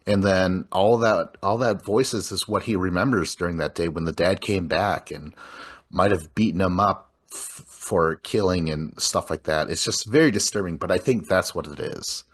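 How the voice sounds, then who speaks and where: Low-voiced man chatting loosely about a film. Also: moderate pace, breathy edge. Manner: rambling, swears casually, laughs often. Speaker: podcast host. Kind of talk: casual movie discussion.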